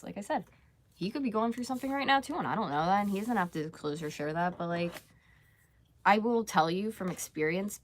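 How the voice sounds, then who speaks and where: A woman's voice: on the low side, slight background noise. A young woman talking candidly to viewers on a live stream, rambling with many fillers and restarts.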